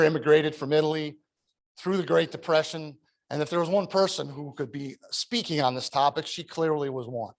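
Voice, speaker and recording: A man in his thirties, the toastmaster of a club meeting, telling a personal story in a prepared speech with rhetorical questions. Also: on the high side.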